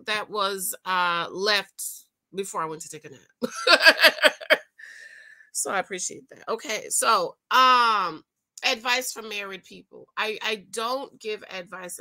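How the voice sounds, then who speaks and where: A chatty woman vlogger talks casually and directly to her audience, like she is catching up with friends. Her voice is bright and forward. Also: medium pitch. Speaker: vlogger and author. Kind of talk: casual chat.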